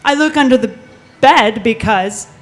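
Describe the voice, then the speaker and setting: A woman telling a true spooky story live on stage, animated and swearing, laughing often. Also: fairly high pitch, measured pace, faint music behind.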